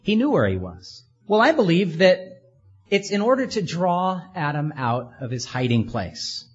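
Husky high-voiced man preaching a sermon. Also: sing-song, unhurried, lo-fi sound. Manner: earnest, asks many rhetorical questions.

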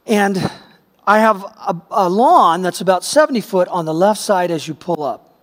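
A man's voice: sits high, lively intonation, moderate pace, big-room sound. A middle-aged man preaching a sermon, telling a personal story in a conversational way that builds to emphatic peaks. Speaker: pastor.

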